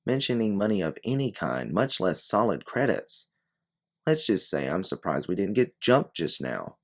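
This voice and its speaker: A man's voice: sits low, big pitch swings, moderate pace, voice pushed up, full character voice. A man voicing a guarded woman private investigator who talks in a wry, blunt, businesslike way.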